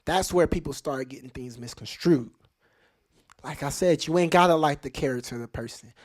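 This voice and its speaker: A man's voice: on the high side, normal speed. A man hosting a podcast, talking straight to his listeners in casual commentary, emphatic and full of rhetorical questions. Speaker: podcast host.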